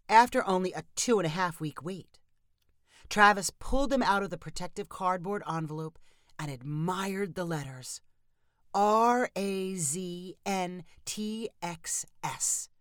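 A woman narrating a storybook in a steady, even reading. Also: fairly low pitch, dry recording, clean studio sound.

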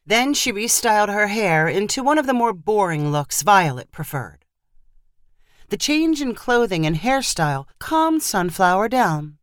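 A woman narrating a storybook in an expressive, animated reading style. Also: medium pitch, no echo, studio quality.

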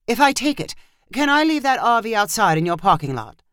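A woman's voice: a little high, sing-song, a little fast, a bit bright, clean tone, dry recording, studio quality, voice pushed up. A woman voicing a stubborn, frazzled British husband who talks in clipped, determined lines.

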